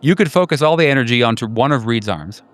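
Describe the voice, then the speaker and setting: A man narrating as game master of a tabletop horror game, hesitant and full of fillers. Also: fast talker. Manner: hesitant, many fillers and restarts, lively pitch.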